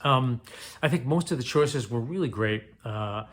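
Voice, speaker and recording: A man's voice: mid-range voice, lively intonation, unhurried. A man giving an enthusiastic, rambling spoken review of films, full of fillers and restarts. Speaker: booktube reviewer. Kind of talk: casual spoken film review.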